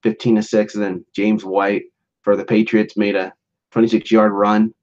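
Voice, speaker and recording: A man's voice: fairly low pitch, flat delivery, moderate pace, darkish tone, lo-fi sound. A man hosting a casual solo podcast, rambling loosely with lots of fillers, restarts and chuckles. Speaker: podcast host.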